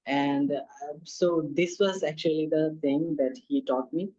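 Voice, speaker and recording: Male candidate from Bangladesh, Bengali native; hesitant, dark tone, dull muffled audio. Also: fairly high pitch, fairly even intonation, unhurried. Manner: hesitant, with frequent "uh" fillers. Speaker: IELTS test candidate. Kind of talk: spoken exam answer.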